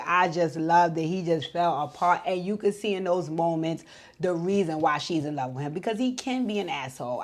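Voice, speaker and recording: A woman with a slightly low voice talks through a reality show episode in a loose, chatty way. She retells scenes with lively back-and-forth quotes and fillers, like she's catching up a friend. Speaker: TV show reviewer. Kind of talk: casual show recap.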